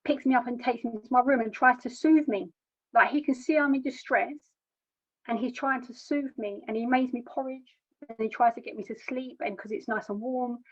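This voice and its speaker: An adult woman who founded a charity shares her personal testimony in a plain, halting way, repeating words when she gets emotional. Her voice is fairly high with fairly even intonation, and the lo-fi recording sounds dull.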